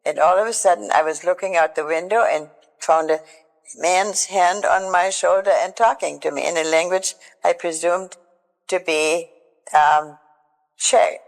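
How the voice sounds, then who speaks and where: An older woman tells her own survival story in an earnest, halting way, restarting phrases and turning to prayer. Her voice is gravelly with fry at the ends of phrases. It is an archival recording with a long hall reverb around her. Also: lowish voice, fairly even intonation. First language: German. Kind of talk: recounted personal testimony.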